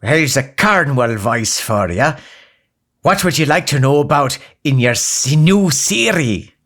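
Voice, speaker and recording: Man doing a glum Cornish voice assistant, gravelly. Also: fairly high pitch, animated, a little slow, a bit bright, heavily acted. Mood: deadpan.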